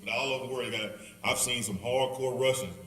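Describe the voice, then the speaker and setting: A man's voice: medium pitch, fast talker. A man with a Southern accent teaching a Bible study, joking, laughing and acting out the people in his stories. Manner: animated, laughing, acts out quoted people. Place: church hall. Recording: echoey hall, speaker far off.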